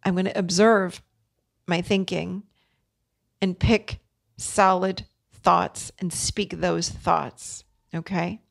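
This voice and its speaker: Woman podcast host, middle-aged, low-pitched and gravelly, earnest coaching delivery. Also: steady tone, takes it slowly. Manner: earnest, coaching tone, speaks directly to listeners. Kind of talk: solo podcast talk.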